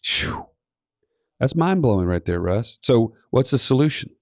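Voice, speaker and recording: A man in his thirties co-hosting a casual finance podcast, talking in an animated way with playful sarcasm. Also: medium pitch, unhurried, dry recording, clean studio sound. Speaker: podcast co-host.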